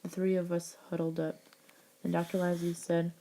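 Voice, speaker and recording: A woman reading her own adventure story aloud, halting and restarting often. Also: on the low side, monotone, dark tone.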